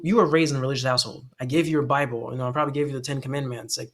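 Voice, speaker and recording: A man co-hosting a casual podcast about poetry who talks in an animated way, laughs often, swears and uses lots of fillers. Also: medium pitch. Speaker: podcast co-host.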